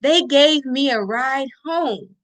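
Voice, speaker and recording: A woman voicing a young lost baby deer in a storybook, calling out in high plaintive cries. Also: lively intonation, takes it slowly, a bit bright, exaggerated voice. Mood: relieved.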